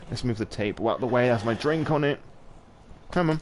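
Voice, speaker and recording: A man's voice: medium pitch, brisk, slight background noise. A male podcast host casually reading a visual novel aloud on a live stream, with profane, wry asides.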